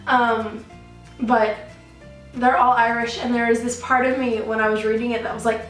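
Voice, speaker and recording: A woman's voice: fairly high pitch, flat delivery, moderate pace. A young woman vlogging in a casual, gushing, rambling way, often correcting herself. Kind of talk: casual chat. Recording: roomy echo, mic at a distance, faint music.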